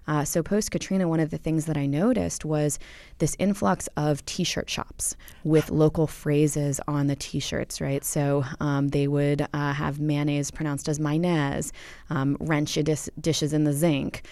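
A woman's voice: sits low, level tone, a little slow, mellow, dry recording. A woman researcher answering interview questions, thoughtful and explanatory, with many ums and uhs. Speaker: linguistics researcher.

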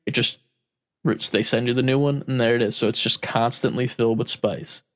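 A man's voice: mid-range voice, steady tone, brisk, fairly bright tone. A man in casual chat, telling a story with frequent laughs and casual swearing.

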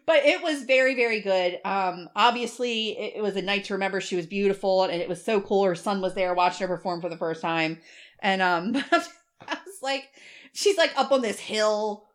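Speaking at a moderate pace in a mid-range voice, this middle-aged podcast co-host spins a lively story in casual conversation. She curses without restraint and imitates the voices of the people involved.

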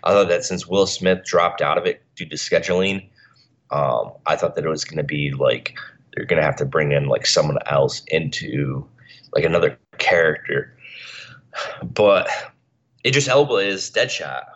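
A man with a very low, deep voice co-hosts a podcast in relaxed, rambling chat. He sounds groggy, as if just out of bed. The recording is dull and lo-fi. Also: moderate pace. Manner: chatty, rambling with restarts. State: groggy early-morning voice. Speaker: podcast co-host. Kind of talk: casual chat.

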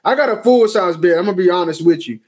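A man's voice: high voice, fast talker, a little mellow. A man in a casual chat, emphatic and repeating his points for weight.

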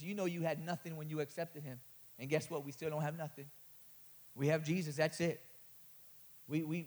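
Young male preacher, high voice, rousing sermon delivery that builds to loud peaks, with stumbling starts and asides to the crowd. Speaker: guest preacher.

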